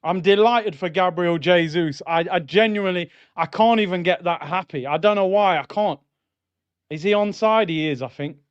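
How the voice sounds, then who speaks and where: Guy on a footy watchalong stream, high voice, smooth, flips between shouting and grumbling. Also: moderate pace, no echo, lo-fi sound. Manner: excitable, shouts at goals, then grumbles and reads comments. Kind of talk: live match reaction with chat reading.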